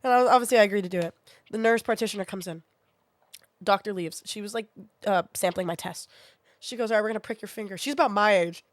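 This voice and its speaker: A woman's voice: medium pitch, fast, dry recording. A woman in her twenties who is sick with a sinus infection, telling a rambling story to her stream with lots of swearing. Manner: swears freely, rambling and animated. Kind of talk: casual storytelling to a live chat.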